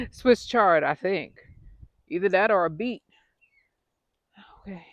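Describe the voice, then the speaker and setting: A woman's voice: mid-range voice, expressive, takes it slowly, no room sound. A woman vlogging casually while she works in her garden outdoors, chatty and self-deprecating, out of breath.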